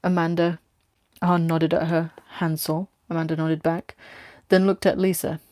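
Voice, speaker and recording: A woman reading her own story aloud with steady, plain narration. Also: low voice, normal speed, dry recording, clean studio sound.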